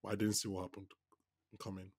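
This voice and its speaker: A man co-hosting a podcast in a casual TV recap chat, animated, laughing often and restarting his sentences. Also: low-pitched, fast, creaky, no echo, studio quality. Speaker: podcast co-host.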